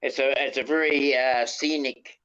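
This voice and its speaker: A man's voice: medium pitch, steady tone, normal speed, a bit bright, clean tone. A man with a New Zealand accent telling a rambling story in casual chat, full of mild swearing. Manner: rambling, peppers speech with "bloody". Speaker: panel guest. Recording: dull lo-fi audio.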